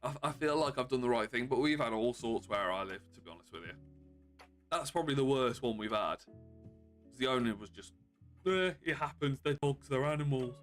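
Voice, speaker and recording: Calm, sore man chatting. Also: medium pitch, fairly quick, soft background music. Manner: subdued, calmer than usual, with frequent chuckles. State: sore from bruised ribs. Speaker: game streamer. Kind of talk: casual live-stream chat.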